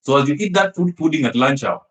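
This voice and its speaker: A man giving an animated health talk, emphatic and teasing, often laughing and throwing rhetorical questions at his listeners. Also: fairly high pitch, fast talker. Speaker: health speaker. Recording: echoey room.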